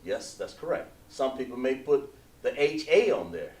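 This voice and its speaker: A man teaching an online language class, patient and repetitive, drawing out words slowly to model pronunciation. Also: mid-range voice, sing-song, darkish tone, far from the mic. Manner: patient, repeats points, drawn-out slow pronunciations. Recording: echoey room, voice away from mic.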